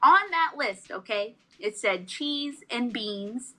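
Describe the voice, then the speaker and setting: A woman's voice: a little high, takes it slowly, poor audio. A woman co-hosting a casual podcast chat, telling stories animatedly and acting out the quotes. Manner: animated storyteller, acts out quotes. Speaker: podcast co-host.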